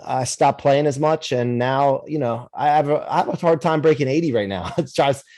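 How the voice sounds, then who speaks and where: A man's voice: mid-range voice, moderate pace, a little mellow. American guy hosting a podcast, chatty, lots of uh and like. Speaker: podcast host. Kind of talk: casual interview chat.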